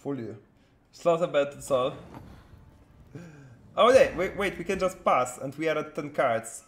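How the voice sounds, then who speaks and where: A man's voice: a little high, normal speed. A man commenting on a card game as he plays live, chatting with his viewers in a loose way. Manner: chatty, answers viewer chat while playing. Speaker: streamer. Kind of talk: live-stream gameplay commentary. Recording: roomy echo.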